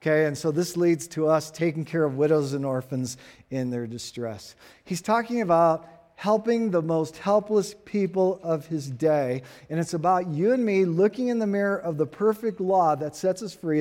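Earnest pastor preaching a sermon. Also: male voice, on the high side, darkish tone. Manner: earnest, rhetorical questions to the congregation.

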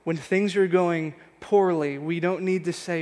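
A man's voice: on the high side, steady tone, measured pace, hardly any pauses, a little mellow, long reverb tail. A man in his thirties preaching a sermon as pastor, earnest and reflective, pressing on with repeated questions. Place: church sanctuary.

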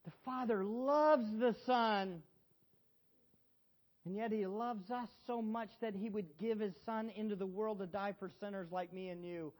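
A middle-aged man preaching a sermon in a church, swinging between loud exhortation and hushed emotion and asking the congregation questions. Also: high voice, a little slow. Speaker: pastor.

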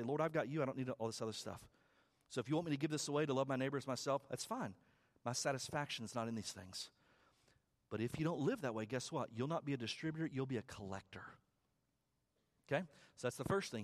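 A man preaching a sermon as pastor, talking conversationally, repeating words, and building to loud, high climaxes. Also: expressive, quick pace.

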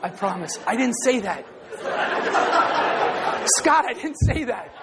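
High-voiced, animated male preacher. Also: takes it slowly, a loud crowd, very noisy. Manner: animated, often shouting, joking with the congregation. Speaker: pastor. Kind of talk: sermon.

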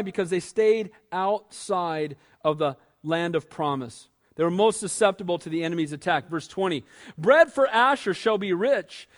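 Very high-voiced male preacher. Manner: lively, conversational preaching, asks the listeners questions. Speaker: pastor. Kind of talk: sermon.

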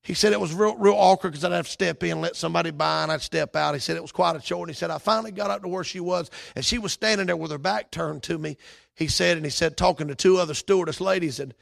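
A man preaching a sermon as pastor, impassioned, his delivery rising to shouts. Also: a little high, fast talker, gravelly.

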